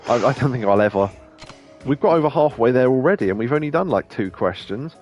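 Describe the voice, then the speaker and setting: A man's voice: mid-range voice, animated, fairly quick, darkish tone, highs cut off, soft background music. A man hosting a let's play, thinking aloud about choices and swearing freely. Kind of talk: casual gameplay commentary.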